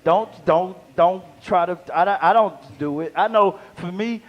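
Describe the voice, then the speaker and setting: A man's voice: high voice, a little slow, dull audio. An older man doing live stand-up comedy as a guest, rambling and playful, laughing at his own jokes. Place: live comedy venue with audience.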